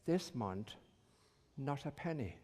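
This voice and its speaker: Man telling a joke as a glum bar patron, slow, deliberate, long echo. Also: medium pitch, very animated, heavy background noise. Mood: mournful. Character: grieving man in a bar, cheerful about inheritances.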